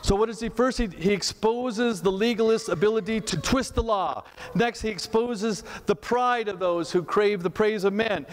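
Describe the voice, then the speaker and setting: Pastor preaching in a reverberant church. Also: male voice, sits high, normal speed. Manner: conversational, asks rhetorical questions, repeats words. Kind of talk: sermon. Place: church sanctuary.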